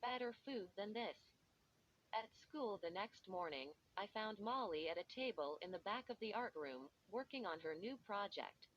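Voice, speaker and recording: A woman reading a first-person children's story aloud in a slow, measured way. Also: medium pitch, expressive. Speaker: audiobook reader. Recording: dull lo-fi audio with faint hiss.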